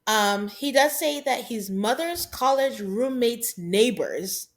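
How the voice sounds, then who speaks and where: A woman's voice: a little high, animated, slow pace. A woman co-hosting a podcast, chatting casually through a reality-show recap and laughing often. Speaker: podcast co-host.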